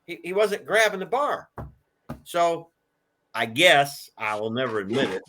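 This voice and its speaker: An older man tells a long, rambling story in a relaxed interview. His voice is bright and forceful, and he jumps into other people's voices when he quotes them. The delivery is loose and chatty, with lots of restarts. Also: fairly high pitch, unhurried. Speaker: guest, collector of a presidential car.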